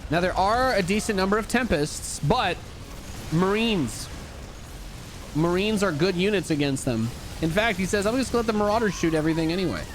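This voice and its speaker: Excitable young man casting a game replay. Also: sits high, a little fast, slight background noise. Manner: excitable, joking, swings between hype and dry asides. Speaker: streamer and caster. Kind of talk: casual esports replay commentary.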